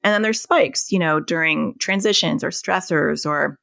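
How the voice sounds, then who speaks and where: Low gravelly woman therapist explaining. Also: moderate pace, a bit bright, no room sound, studio quality. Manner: explanatory, illustrating with everyday family examples. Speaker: anxiety and OCD therapist, guest. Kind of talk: podcast interview, explaining.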